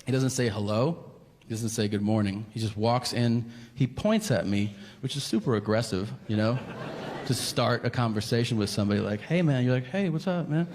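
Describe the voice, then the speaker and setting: He speaks on the low side at a normal pace, telling an animated, profane story and playing both speakers. A live hall recording catches slight background noise, audience laughter and long reverb.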